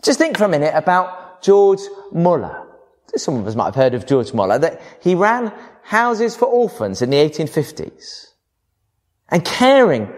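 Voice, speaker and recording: A man preaching a sermon to a congregation, with expressive, varied emphasis. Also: sits high.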